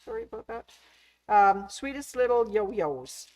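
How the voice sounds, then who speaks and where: A Canadian woman with a medium-pitched, slightly slow voice hosts a casual sewing shop video, captured on a rough recording. Chatty and enthusiastic, she shows off patterns in a show-and-tell demo, gushing over how cute everything is.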